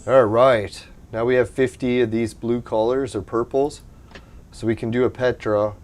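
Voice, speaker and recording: A man giving casual commentary over his mobile game, a little hoarse as he is losing his voice, reacting with excited outbursts and cursing. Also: medium pitch, normal speed, soft background music. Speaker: gameplay commentator.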